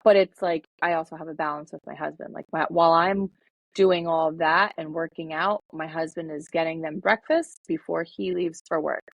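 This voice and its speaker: A woman co-hosting a podcast, talking in a relaxed, rambling way with lots of fillers. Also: low voice, normal speed, creaky, no room sound, rough recording. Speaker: podcast co-host. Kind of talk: casual podcast chat.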